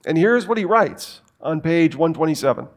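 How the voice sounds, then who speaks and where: A man's voice: on the high side, animated, moderate pace. A man preaching a sermon in an emphatic way, asking rhetorical questions and making joking asides.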